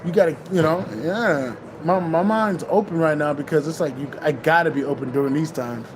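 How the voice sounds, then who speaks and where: High-voiced man giving a profane pep talk. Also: fairly quick, noisy background. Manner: loose, profane, repeats himself. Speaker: spiritual vlogger. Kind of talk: casual spiritual pep talk.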